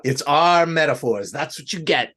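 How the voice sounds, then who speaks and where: Lively man chatting on a podcast. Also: on the high side, normal speed. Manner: playful improviser, gushing. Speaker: host. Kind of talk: casual chat.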